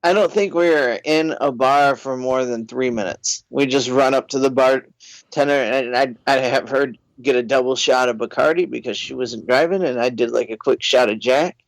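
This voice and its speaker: A middle-aged man co-hosting a casual podcast, easygoing and halting, laughing often. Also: medium pitch, no room sound, rough recording. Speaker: podcast co-host. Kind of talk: casual comedy podcast banter.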